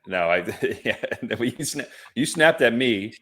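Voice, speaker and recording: A man's voice: medium pitch, lively intonation, measured pace, sharp tone. A man co-hosting a podcast, answering in sheepish, laughing casual chat. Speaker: podcast co-host.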